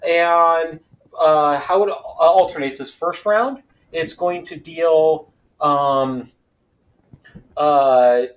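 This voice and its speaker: A man with a fairly high voice hosts a board game session. He reads rules slowly and tells stories with lively, acted-out quotes. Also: rough recording. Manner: animated storyteller, acts out quoted voices. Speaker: board game player and host. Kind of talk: casual chat, reading game rules.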